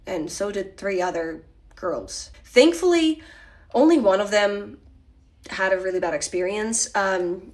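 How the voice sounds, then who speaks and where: A young woman telling a personal story in a casual, candid, confessional way, with lots of filler words. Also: a little high. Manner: candid, confessional, chatty with many "like"s.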